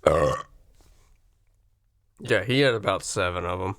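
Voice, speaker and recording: A man's voice: on the low side, wildly swooping pitch, unhurried, long pauses, fairly bright tone, dry recording, studio quality. A man ranting on camera in a rambling, profane comic monologue, his voice jumping up when he gets worked up. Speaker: vlogger. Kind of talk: profane comedic rant.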